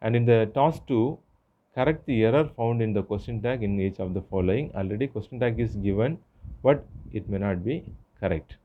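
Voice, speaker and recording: A man teaching an English grammar lesson, explaining step by step with frequent pauses and fillers. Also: fairly low pitch, phone-quality sound. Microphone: phone screen recorder.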